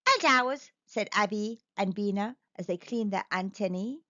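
A woman reading a children's picture book aloud, gentle and expressive. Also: medium pitch, normal speed, no room sound. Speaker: storyteller. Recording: dull dry recording.

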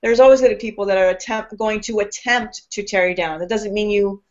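A woman's voice: mid-range voice, fairly even intonation, a little fast, a little mellow, dull audio. A woman hosting a talk show, speaking in a casual, emphatic way with long, loose, philosophical runs. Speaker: host.

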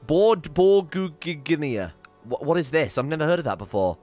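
A man's voice: medium pitch, expressive, rapid-fire, soft background music. A man giving rambling, casual commentary on his strategy game, often cutting himself off and swearing. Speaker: let's-play streamer.

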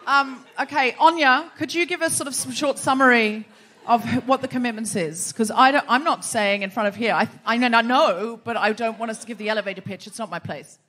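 An Australian woman hosting a live comedy podcast on stage, playful and quick to laugh. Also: on the high side. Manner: animated, laughing, playful teasing. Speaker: podcast host. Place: live theatre stage before an audience.

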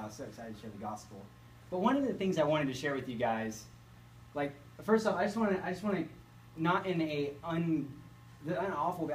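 A man, a pastor, rambling eagerly as he tells a group his stories. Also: medium pitch. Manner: rambling, self-correcting, enthusiastic. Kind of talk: casual storytelling to a group. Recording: distant mic, faint background noise.

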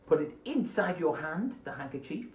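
A man's voice: a little high, moderate pace, echoey room, muffled recording. A man hosting a live-streamed children's show from home, playful and silly, recorded on a phone. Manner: animated, jumps between voices and asides. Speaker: children's radio host. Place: at home beside a window. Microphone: phone camera.

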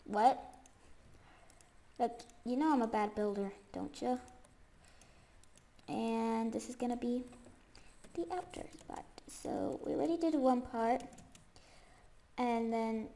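A young woman with a very high, stuffy-sounding voice from a cold, chatting casually and rambling excitedly as she builds in a game. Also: takes it slowly, pauses often. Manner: rambling, excitable, many fillers and sudden squeals. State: congested from a cold. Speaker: gaming YouTuber.

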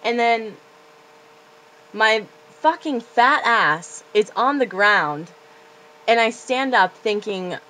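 A woman's voice: fairly high pitch, animated, slow pace, pauses often, pushed and bright, poor audio. A young woman in her late teens from Florida, ranting bluntly and profanely in a casual confessional vlog from her bedroom. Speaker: vlogger.

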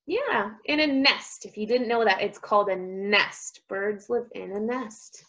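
A woman speech teacher reading a picture book aloud to young children, sounding out words slowly and with exaggeration. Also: mid-range voice, bright, forceful tone, muffled recording.

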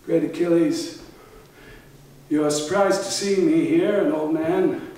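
A man's voice: fairly high pitch, unhurried, dark tone, lightly acted. An actor playing a grieving old king, proud yet humbled, who talks in a pleading way on a theater stage. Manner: pleading, then raging. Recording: echoey theater, mic far off.

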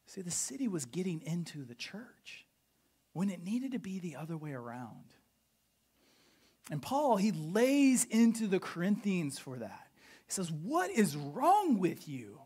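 A pastor preaching a sermon, explaining history with an animated, questioning teaching manner. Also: medium pitch, unhurried, husky. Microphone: podcast recording of a live sermon.

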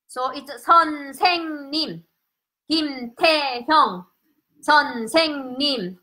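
A middle-aged woman from Korea with a Korean accent, hosting a casual live stream from home, chatty and excitable and greeting viewers by name. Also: high voice, brisk, poor audio.

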